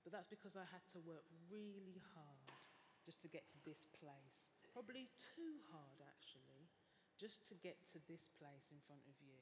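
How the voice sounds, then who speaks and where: A woman moderating a live panel in a measured, earnest way. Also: deep voice, a little hiss or hum. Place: stage at a public event with an audience.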